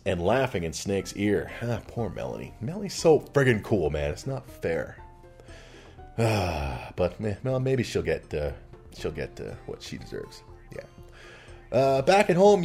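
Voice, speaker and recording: A man's voice: lowish voice, darkish tone. A middle-aged man casually recapping a TV episode, chatty and laughing often, with asides, faint music behind. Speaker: podcast host recapping a TV show.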